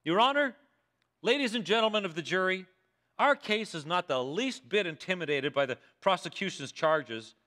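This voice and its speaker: A male pastor acting out an eager, nervous young defense lawyer addressing a jury in a loud, pleading way. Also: high-pitched. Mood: confident. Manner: loud, pleading courtroom oratory.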